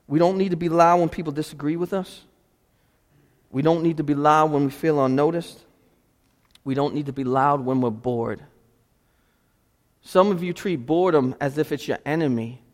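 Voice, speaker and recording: A man preaching a sermon as a pastor, animated, shifting between quiet reflection and loud emphasis. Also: on the high side. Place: church sanctuary. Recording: long hall reverb in a church.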